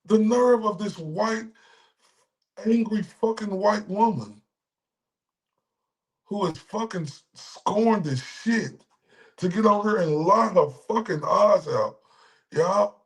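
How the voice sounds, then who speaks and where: A man from Dallas, Texas streams a profane reaction rant, mocking with heavy insults and lots of repetition. His voice is high-pitched, his pace slow, and he pauses often.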